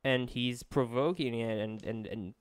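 A man's voice: mid-range voice, a little slow, dry recording, studio quality. A man co-hosting a podcast, chatting casually and joking with a friend, with loose restarts. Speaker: podcast co-host. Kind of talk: casual chat.

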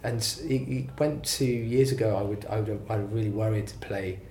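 A man's voice: fairly low pitch, fairly even intonation, moderate pace, mellow, slight background noise. A man who is a singer-songwriter, telling his story in a rambling, self-deprecating way during a casual interview. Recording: roomy echo, faint ambience.

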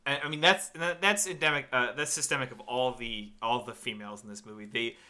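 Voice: medium pitch, steady tone, fairly quick, pushed and bright. A podcast co-host ranting sarcastically about a bad movie in casual, profane banter.

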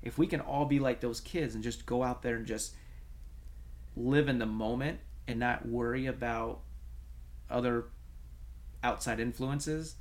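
A man's voice: mid-range voice, unhurried, pauses often. A man co-hosting a talk show as a coach, telling stories in casual conversation with lots of restarts and fillers. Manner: animated storytelling with many restarts and fillers. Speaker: podcast co-host, coach.

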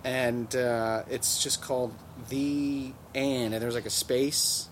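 A man's voice: mid-range voice, steady tone, slow, a little hiss or hum. A man telling a rambling, profane, joking story in a casual podcast chat. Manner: rambling, profane, acts out voices in anecdotes. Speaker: podcast host.

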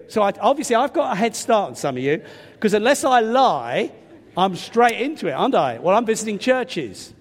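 An older English man preaches in a high, lively voice that climbs and dips a lot as he tells a chatty, self-deprecating story. His nose sounds a little stuffy. The sound carries a long reverb from a large hall. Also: moderate pace. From England. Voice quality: slightly stuffy nose from a cold. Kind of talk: sermon with personal anecdote.

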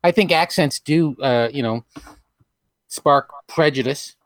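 A somewhat high-voiced man muses hesitantly in podcast chat, searching for words. His voice is dry and close. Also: slow, a bit bright, no echo. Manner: musing, hesitant.

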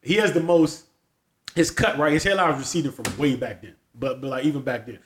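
A man's voice: fairly high pitch, fairly quick, a little hiss or hum. A man co-hosting a podcast, telling a story in casual chat and acting out what his friends said. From Washington, D.C. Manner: animated, laughing, acts out quoted friends. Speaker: podcast co-host.

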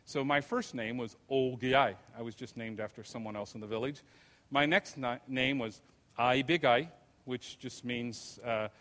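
An older man giving a lecture, telling stories in an unhurried, conversational way. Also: medium pitch, fairly bright tone. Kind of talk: anecdotal lecture. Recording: long reverb of a lecture hall.

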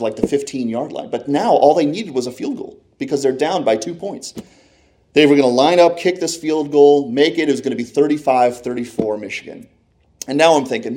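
A man telling a personal sports anecdote in a lively way, acting out his own past reactions as he goes. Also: medium pitch. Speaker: storyteller.

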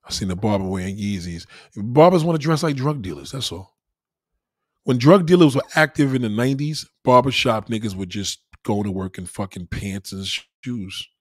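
A man's voice: lowish voice, expressive, normal speed, breathy edge, no room sound, clean studio sound. A man delivering a profane, emphatic ranting monologue full of rhetorical questions, talking to a livestream audience.

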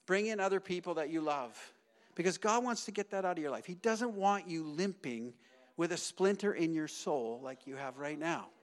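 A middle-aged man preaching a sermon as pastor, swinging between loud emphatic bursts and hushed, low asides. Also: animated, moderate pace.

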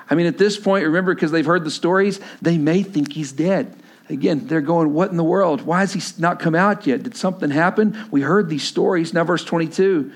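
A man with a fairly high voice delivers a sermon to his congregation. He moves between personal storytelling and loud, emphatic preaching. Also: fairly quick. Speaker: pastor.

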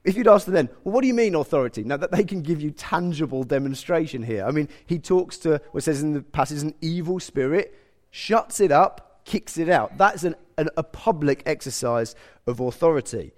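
A man's voice: on the high side, lively intonation, brisk, darkish tone. A man preaching a sermon, explaining a passage in a conversational way with frequent self-corrections.

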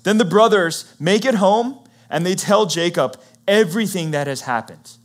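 A man preaching, retelling a Bible story in a conversational, animated way and acting out what the characters say. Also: sits high, normal speed. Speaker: pastor.

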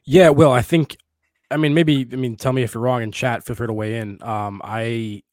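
A man's voice: mid-range voice, steady tone, normal speed, a little mellow, dry recording, studio quality. A man co-hosting a football podcast, chatting casually with lots of fillers and restarts. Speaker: podcast co-host.

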